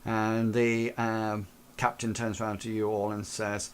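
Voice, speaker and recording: A man narrating as game master of a tabletop role-playing game, talking hesitantly with many pauses and restarts. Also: fairly low pitch, completely flat delivery, clean tone.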